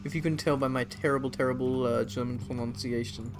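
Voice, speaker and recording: A man's voice: mid-range voice, steady tone, brisk. Guy on a live game stream, swears a lot, chill mid voice, faint music. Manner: casual, profane, talks to chat.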